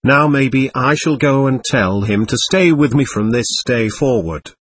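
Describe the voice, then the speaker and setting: A man voicing a sly, coquettish young woman who speaks in a soft, even, sugary drawl in an audiobook reading. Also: mid-range voice, measured pace, a little hiss or hum. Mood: playful.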